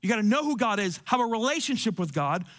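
A man preaching a sermon and telling a personal story, often dropping to soft, low tones for emphasis. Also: big pitch swings, fast talker. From Cuban family. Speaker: pastor.

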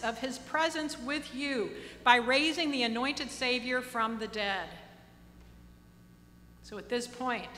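A woman pastor delivers a sermon in a bright, somewhat high voice. She speaks earnestly, slowing down on key phrases and slipping into casual asides. Her voice carries a long reverb from the church around her. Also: a little hiss or hum.

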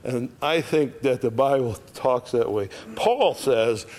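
A man's voice: mid-range voice, takes it slowly, darkish tone. A man teaching an adult Bible study in a folksy, conversational way, often checking in with the class.

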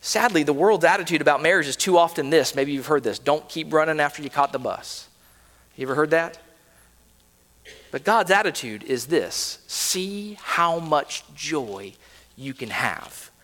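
A man preaching a sermon to a congregation in a church, earnest, rising and falling in pitch and loudness. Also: animated, normal speed. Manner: earnest preaching, swells and drops in pitch and volume. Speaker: pastor. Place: church sanctuary. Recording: long reverb of a church hall.

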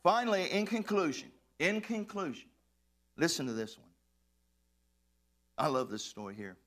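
Male pastor, animated preacher, bright and sharp voice, swoops high and low in pitch. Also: normal speed. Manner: animated, playful preaching that breaks into shouts and laughter. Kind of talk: sermon.

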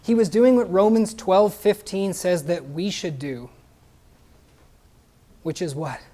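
A man's voice: high-pitched, slow pace, dark tone. Emphatic male preacher. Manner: emphatic, with rhetorical questions and asides to the congregation. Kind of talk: sermon.

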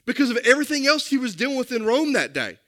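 Preaching fast in a high, bright voice, a male pastor keeps a lively, forceful tone. He speaks with emphasis and turns again and again to the congregation with direct questions.

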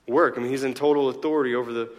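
A man's voice: medium pitch, fairly even intonation, very fast, big-room sound. A male pastor preaching a sermon in a conversational way, full of rhetorical questions and joking asides.

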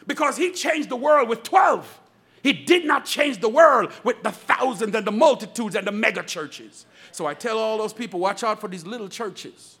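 A man's voice: sits high, expressive, normal speed, fairly bright tone, breathy edge. A male pastor preaching a fervent sermon from the pulpit, calling out to his congregation. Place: church pulpit.

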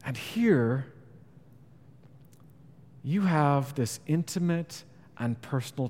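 A man preaching a sermon in a church sanctuary, his slightly high voice ringing through a long hall reverb. He talks earnestly, builds louder on key points and sinks quiet when he quotes scripture. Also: animated, slow, pauses often. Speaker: pastor.

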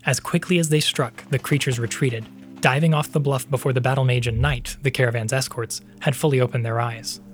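A man narrating a fantasy story as the podcast's host, in even, measured storytelling. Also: mid-range voice, soft background music. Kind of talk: scripted audiobook narration.

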